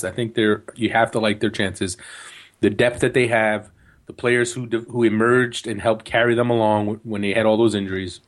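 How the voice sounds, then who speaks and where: A man from New Jersey co-hosting a soccer podcast, talking casually and joking, with frequent restarts. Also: on the low side. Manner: chatty, joking, lots of restarts. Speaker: podcast co-host.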